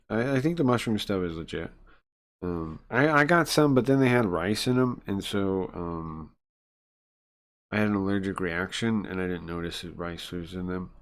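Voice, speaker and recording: Low-voiced male streamer, casual and rambling, reads game text aloud between asides. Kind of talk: casual live-stream chat and read-aloud.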